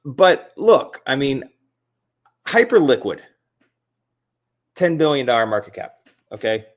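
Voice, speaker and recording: A man with a mid-range voice hosts a casual crypto video, walking through his screen with excitable, rambling commentary full of fillers and repeats.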